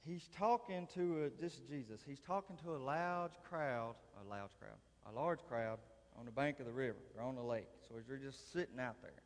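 A man's voice: medium pitch, moderate pace, few pauses. Man preaching in an echoing hall. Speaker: lay preacher. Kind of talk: folksy sermon storytelling. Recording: long reverb of a large hall.

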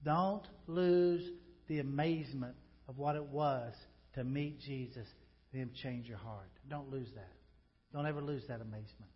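A man preaching a sermon as pastor, conversational and emphatic, moving from loud emphasis to quiet reflection, with joking asides. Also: mid-range voice, moderate pace, muffled recording.

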